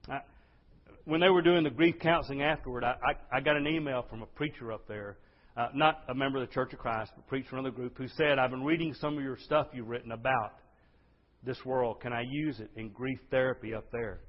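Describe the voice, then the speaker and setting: A man preaching a sermon, swinging between hushed, intimate lines and loud, impassioned outbursts. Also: medium pitch, fairly quick. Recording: dull sound with long hall reverb.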